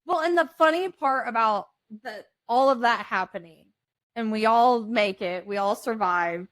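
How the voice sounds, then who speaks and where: A young adult woman co-hosting a podcast, telling a wild story in casual chat, blunt and animated, swearing freely. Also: a little high, moderate pace. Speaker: podcast co-host.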